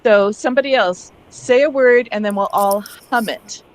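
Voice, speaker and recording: Animated woman leading an online workshop. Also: a little high, moderate pace. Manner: animated, acts out calling for help. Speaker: teacher trainer. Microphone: video call.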